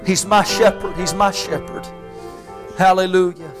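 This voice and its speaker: A male preacher, delivering a sermon that rises into shouted, fervent preaching. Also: high voice, fairly even intonation, a little slow, music in the background.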